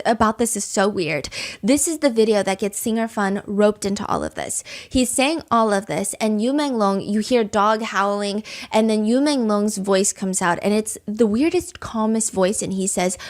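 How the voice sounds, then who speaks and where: A woman hosting a podcast, telling a story in quick, animated casual chat with frequent asides. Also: medium pitch. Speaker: podcast host.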